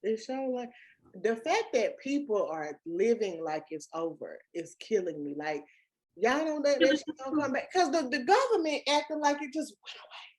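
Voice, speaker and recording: A young woman with a Southern US accent co-hosting a casual chat, talking in an animated, emphatic, slangy way. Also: on the high side, moderate pace. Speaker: podcast co-host.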